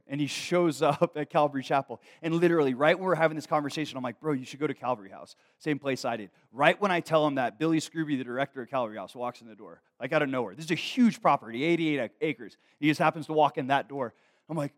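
A young man preaching a sermon in a casual, conversational way, telling personal stories full of fillers and rising to excitement as the story builds. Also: mid-range voice, a little fast.

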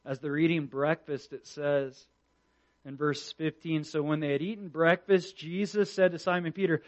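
A man preaching a sermon in an earnest way, moving between loud emphatic lines and hushed ones and often repeating the first words of a phrase. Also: on the high side, fairly even intonation, normal speed. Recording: dull lo-fi recording.

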